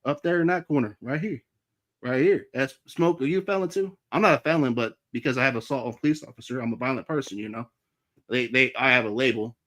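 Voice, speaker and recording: A man in the middle of his own live stream, talking fast and loose about his life, angry and swearing freely. His voice sits in an ordinary middle range for a man. The talk is off the cuff, with no script behind it. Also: medium pitch, a bit bright. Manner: heated, heavy swearing. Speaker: livestream host. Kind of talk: casual storytelling on a live stream.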